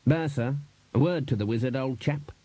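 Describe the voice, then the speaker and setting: A self-assured older wizard who speaks slowly and deliberately, as a man puts him on. The voice is warm and husky, in a dry, close storybook reading. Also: mid-range voice, dry recording, natural voice.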